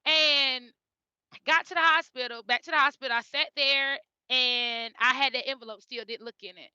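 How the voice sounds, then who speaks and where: Mother telling a story, high and very bright, earnest, dry dull lo-fi audio. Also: fairly even intonation, normal speed, dry recording. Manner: repeats phrases, earnest and heartfelt. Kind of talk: emotional personal storytelling. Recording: dull lo-fi recording.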